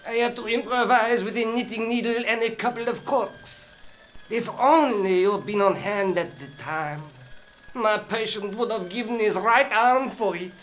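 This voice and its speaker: A proud, stiff French hospital doctor who clips every answer short and keeps a formal distance. His voice sits a little above the usual male pitch, with a faint hiss of noise underneath. He sounds like a character from an adventure game. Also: measured pace, a bit bright. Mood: animated. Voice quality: curt, clipped and formal. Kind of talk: video game voice acting.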